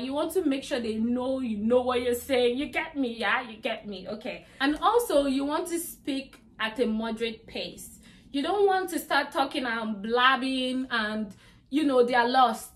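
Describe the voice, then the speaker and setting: A young woman gives exam tips in a chatty vlog to camera, speaking at a normal pace in a high voice. She keeps saying "like," "you know," and "you get me."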